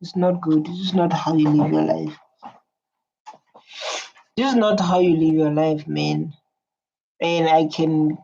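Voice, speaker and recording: A woman's voice: low voice, creaky, dark tone. A woman hosting a reaction video, speaking earnestly, repeating herself and humming while she listens. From South Africa. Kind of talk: emotional reaction commentary. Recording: dull lo-fi audio with faint noise.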